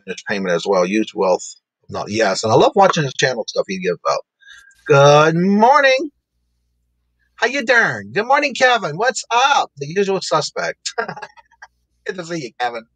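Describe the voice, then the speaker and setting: A man's voice: on the low side, big pitch swings, brisk, fairly bright tone, husky, dry recording, low-quality recording. A man hosting a casual livestream, greeting viewers in the chat by name and laughing often. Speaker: livestream host.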